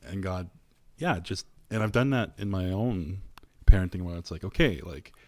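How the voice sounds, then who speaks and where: A man co-hosting a church podcast, relaxed and reflective in casual chat, laughing easily. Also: low-pitched, normal speed, no room sound. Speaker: podcast co-host.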